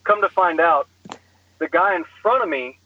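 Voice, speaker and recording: A man telling a story in casual podcast chat, animated and self-deprecating, often laughing at himself, heard over a phone call. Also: high voice, normal speed. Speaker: guest storyteller. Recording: slightly muffled phone line.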